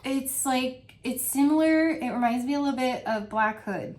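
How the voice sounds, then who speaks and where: A woman with a high, slightly dark voice talks at a moderate pace in a casual home vlog reviewing wax melts. She gushes over her favorite scents and laughs often.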